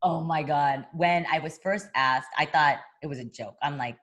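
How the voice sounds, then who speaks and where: Low-voiced woman telling a story. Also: moderate pace. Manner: lively storyteller who acts out quoted voices; frequent fillers and restarts. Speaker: boxing broadcaster and interview guest. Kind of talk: casual interview chat.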